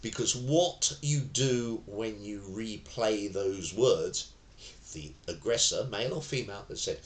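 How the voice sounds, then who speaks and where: Low-voiced man teaching self-defence. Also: a little slow. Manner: conversational, anecdotal, acts out quoted phrases. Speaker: tai chi and self-defence instructor. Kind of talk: spoken lesson. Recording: roomy echo.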